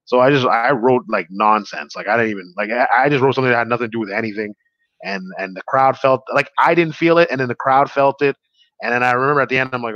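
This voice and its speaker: A man's voice: mid-range voice, quick pace, a bit bright, dry recording. Rambling comedian man, dry dull sound. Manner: rambling, full of fillers and restarts. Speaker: stand-up comedian guest. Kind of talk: casual interview storytelling.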